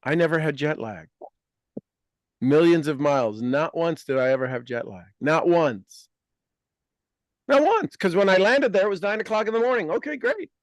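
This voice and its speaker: A man hosting a casual podcast conversation as a life coach, talking in an emphatic, blunt and animated way. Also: fairly high pitch, fairly quick, no room sound, clean studio sound.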